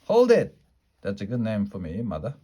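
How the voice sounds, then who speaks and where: A man voicing a spirited, bossy little girl who talks in excited, raised bursts. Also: mid-range voice, fairly quick, natural voice. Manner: squealing, exclamatory and raised.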